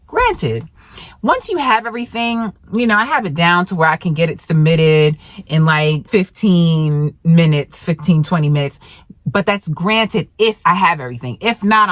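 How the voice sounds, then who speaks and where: A woman real estate agent, chatting casually to camera and quoting people in lively voices. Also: fairly low pitch, no room sound. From Georgia, USA. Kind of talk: casual vlog talk to camera.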